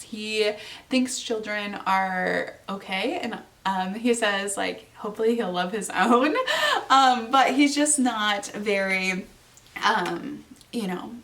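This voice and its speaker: A woman's voice: mid-range voice, a bit bright, distant mic. A woman in her twenties hosting her own podcast, chatting casually and bubbly with plenty of fillers. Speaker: podcast host. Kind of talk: casual solo podcast chat.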